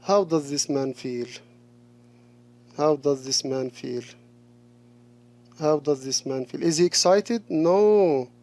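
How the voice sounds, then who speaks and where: A male English teacher talking through a lesson, slowly repeating each answer and praising the replies. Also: a little high, a little mellow. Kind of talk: recorded classroom lesson.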